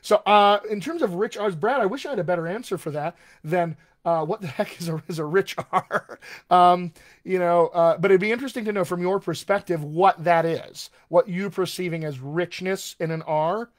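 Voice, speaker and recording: A man's voice: high-pitched, moderate pace. An American man working as a dialect coach, answering viewer questions in a live online session and demonstrating sounds as he explains. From United States.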